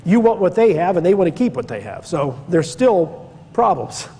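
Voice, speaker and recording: A man's voice: high voice, big pitch swings, normal speed, warm tone, slightly rough. Man lecturing in an echoing hall. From Pennsylvania, USA. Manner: conversational and digressive, with emphatic stresses. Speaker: church history teacher. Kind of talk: classroom-style Bible lecture.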